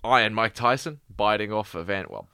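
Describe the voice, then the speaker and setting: A man co-hosting a podcast, bantering quickly and joking with some swearing. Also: on the low side, pushed and bright, smooth, dry recording, studio quality. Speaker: podcast co-host. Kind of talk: casual chat.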